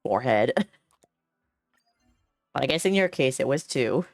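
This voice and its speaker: A woman's voice: extremely low pitch, animated, unhurried, vocal fry, no echo, studio quality, soft background music. A woman streaming a game, chatty and giggly, reading the dialogue aloud as she plays, with hiccups. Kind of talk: casual game stream commentary.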